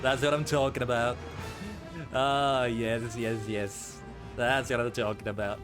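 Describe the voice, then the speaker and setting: A man streaming and chatting casually, animated and exclaiming, often correcting himself mid-sentence. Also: mid-range voice, unhurried, music in the background. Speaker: VTuber streamer. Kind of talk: casual stream chat and reactions.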